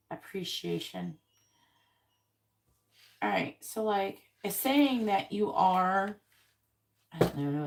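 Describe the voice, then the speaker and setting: A woman doing a live tarot reading, softly repeating card draws and talking bluntly between them, with occasional swearing. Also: fairly low pitch, creaky, background noise. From Florida, United States. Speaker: tarot reader.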